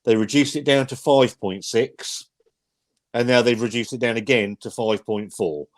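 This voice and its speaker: A man hosting a relaxed livestream, talking bluntly and swearing freely. He rambles, restarting his sentences as he works through his points. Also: medium pitch, normal speed. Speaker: host. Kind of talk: casual livestream beer chat.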